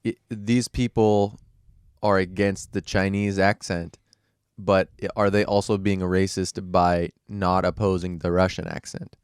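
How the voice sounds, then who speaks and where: A low-voiced American man talks through a casual podcast conversation with a smooth, resonant tone. He hesitates often, filling pauses with ums and rephrasing as he goes. The sound is dry and close. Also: flat delivery, no echo. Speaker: podcast co-host.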